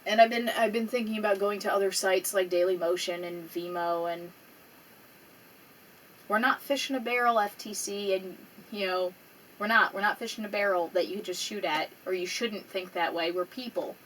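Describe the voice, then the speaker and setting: A woman's voice: mid-range voice, moderate pace, a bit bright. Emotional young woman vlogging, near tears. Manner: emotional, rambling, swears a lot, fighting back tears. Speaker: small YouTuber. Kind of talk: casual vlog. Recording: slightly distant mic with faint background noise.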